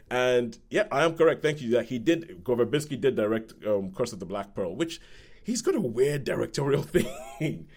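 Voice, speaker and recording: Man, podcast film reviewer, casual rambling chat, animated retelling, mid-pitched voice. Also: moderate pace.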